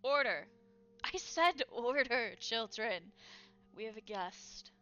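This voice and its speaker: A woman voicing a young, domineering king who shouts commands and threats. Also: on the high side, slow, dull audio, pitched above the performer's own voice. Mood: commanding.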